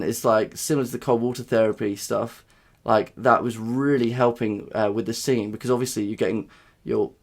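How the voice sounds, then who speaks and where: A young man talking casually to camera in a vlog, rambling with lots of fillers and restarts. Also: on the low side. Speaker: vlogger.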